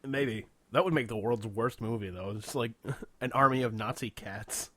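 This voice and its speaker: A man's voice: mid-range voice, normal speed, a bit bright, no echo. A man co-hosting a podcast, telling a crude story in casual chat with plenty of laughter. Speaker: podcast co-host.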